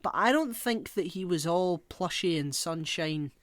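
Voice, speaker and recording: A man's voice: fairly high pitch, lively intonation, a little slow, a bit bright, no room sound. Dry-sounding man in rambling chat. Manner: rambling, searches for words with many fillers. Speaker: podcast co-host. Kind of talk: casual chat.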